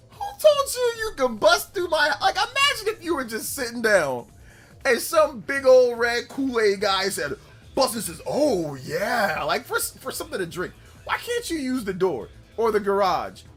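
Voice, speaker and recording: A man's voice: high voice, bright, forceful tone, slightly rough. A young man streaming a video game live, chatting casually, rambling and repeating himself and laughing easily.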